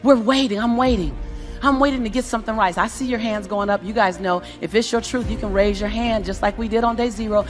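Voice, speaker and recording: A woman's voice: fairly high pitch, fast talker, faint music behind. A woman motivational speaker addressing a live audience from a stage, punchy and call-and-response, acting out questions from the crowd.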